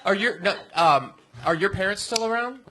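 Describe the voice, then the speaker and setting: A man on a panel at a live comedy show, excitedly pitching joke ideas to a comic. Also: moderate pace, crowd noise.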